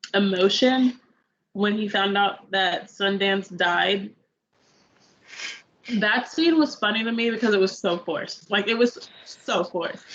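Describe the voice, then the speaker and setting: A woman's voice: medium pitch, a bit bright, muffled recording, slight background noise. Rambling young woman reviewing a film. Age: young adult. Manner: rambling, heavy on "like" fillers, acts out her own reactions. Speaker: panel reviewer. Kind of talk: casual movie review chat.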